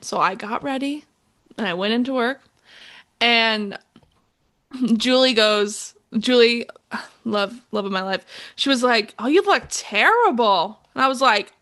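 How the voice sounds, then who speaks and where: Young female podcast co-host, somewhat high-pitched, rambling casual storyteller. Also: pushed and bright. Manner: rambling storyteller with many fillers. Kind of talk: casual chat.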